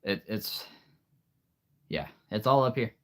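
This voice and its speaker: A man in his late thirties chatting casually with viewers on a live stream, easygoing and quick to laugh. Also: fairly low pitch, lively intonation. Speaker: streamer and voice performer.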